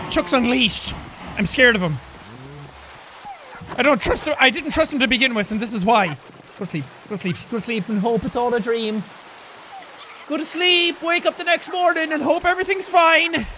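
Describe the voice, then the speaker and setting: A man giving excitable let's play commentary, swinging from yelling outbursts to low mutters. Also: moderate pace, pauses often, slight background noise. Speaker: gameplay commentator.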